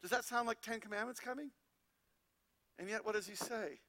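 A man preaching with a very high, bright voice. He keeps firing rhetorical questions at his listeners and reads scripture aloud in a lively sermon. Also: normal speed, a little hiss or hum. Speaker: pastor.

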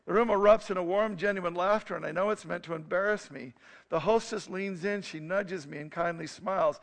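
A man's voice: high voice, a little fast. A man preaching a sermon, telling a story and then teaching in an earnest, emphatic way.

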